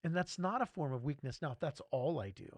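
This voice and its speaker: Animated man chatting on a podcast. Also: a little high, quick pace, dry recording. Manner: animated, self-deprecating storyteller. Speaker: podcast host. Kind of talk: casual church podcast discussion.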